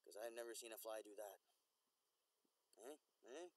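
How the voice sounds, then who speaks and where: Brief: young adult male vlogger, loose rambling delivery, heavy swearing, quick to get excited, outdoors. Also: on the low side. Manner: profane, rambling, easily excited, repeats himself. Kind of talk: rambling casual monologue to camera.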